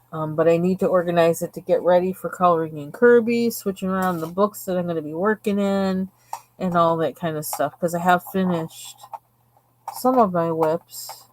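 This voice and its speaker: Rambling, chatty woman with a lowish voice. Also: darkish tone, a little hiss or hum. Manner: rambling and chatty, with frequent fillers and tangents. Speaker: livestream host. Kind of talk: casual chat while coloring.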